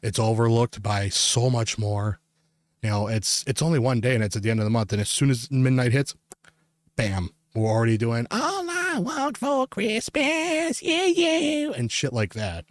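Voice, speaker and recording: A man's voice: lowish voice, fairly even intonation, normal speed, no echo. Young man, podcast host, rambling casual storytelling, lots of filler words, dry sound. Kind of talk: casual ranting chat.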